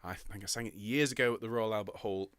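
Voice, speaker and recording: A man's voice: fairly low pitch, steady tone, fast talker, fairly bright tone, no room sound, clean studio sound. A middle-aged man leading an online choir rehearsal, chatty and enthusiastic, often repeating his words as he coaches the singers. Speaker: choir conductor.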